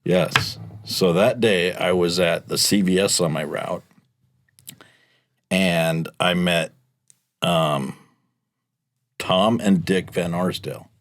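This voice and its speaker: A man's voice: slow pace, long pauses, dry recording. A middle-aged man telling work stories in casual chat, acting out what people said in a raised voice. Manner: animated storyteller, acts out quotes in a much higher voice. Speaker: guest, UPS delivery driver. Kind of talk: casual storytelling in a podcast chat.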